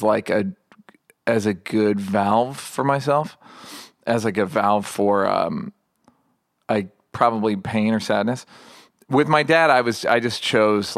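Middle-aged guy, gravelly low voice, rambly self-deprecating interview talk, dry close mic. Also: no room sound. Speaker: interview guest, comedian. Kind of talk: candid conversational interview.

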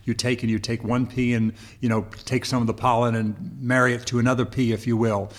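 A man's voice: medium pitch, level tone, fairly quick. A man from Long Island co-hosting a casual chat, explaining things at length and often reaching for metaphors. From Long Island, New York. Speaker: co-host.

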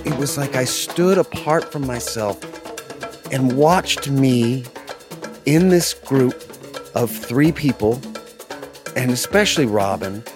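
Animated man telling a set story over music. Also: medium pitch. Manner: animated, laughs often, mimics others' voices. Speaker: actor telling a film-set anecdote. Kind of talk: casual storytelling.

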